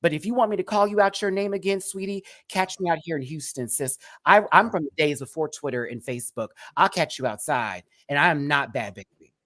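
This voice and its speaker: A man's voice: a little high, expressive, fairly quick, a bit bright. Sassy man scolding a critic. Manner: sassy and cutting, drawls pet names like sweetie and baby. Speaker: review show host. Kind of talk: live confrontational rant to a critic.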